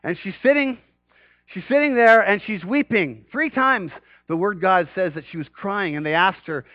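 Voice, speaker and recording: Animated preaching man, dry dull sound. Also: normal speed, no room sound. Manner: animated preaching, swells louder and higher for emphasis. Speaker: pastor. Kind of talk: sermon.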